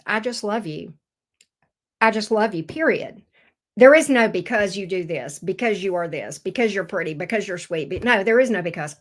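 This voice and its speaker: A woman giving a casual tarot reading, chatty and excitable, swearing now and then when she gets thrilled. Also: mid-range voice. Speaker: tarot reader.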